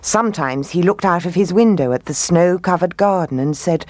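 A woman telling a children's story aloud in a gentle, expressive read-aloud manner. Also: fairly low pitch, moderate pace, hardly any pauses, no echo.

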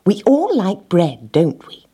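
A woman voicing a bossy, earnest little hen who keeps insisting and explaining, in a storybook reading, her voice a little husky. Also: mid-range voice, huge pitch swings, slow, dark tone, voice pushed up, exaggerated voice. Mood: insistent.

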